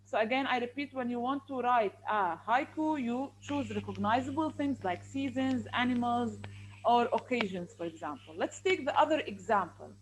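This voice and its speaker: Woman teacher, high voice, patient and repetitive, faint background noise. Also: expressive, low-quality recording. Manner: patient, repeats and counts aloud slowly. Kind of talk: classroom teaching.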